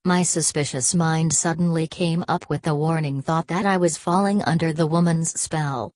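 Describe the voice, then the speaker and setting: A woman reading a first-person story aloud in an even, measured way. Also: low voice, no echo. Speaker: audiobook reader. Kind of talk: first-person audiobook narration.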